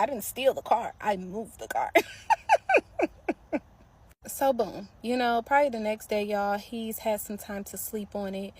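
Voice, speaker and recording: Woman, slightly high voice, animated casual storyteller talking to camera. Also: breathy edge. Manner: animated, speaks straight to viewers, laughs often.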